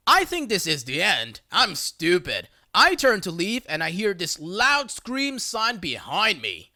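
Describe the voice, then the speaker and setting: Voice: mid-range voice, very animated, normal speed, hardly any pauses, sharp tone, no echo, clean studio sound. A text-to-speech voice reading online stories aloud, spelling out abbreviations letter by letter. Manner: synthetic, reads abbreviations letter by letter. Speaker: narrator.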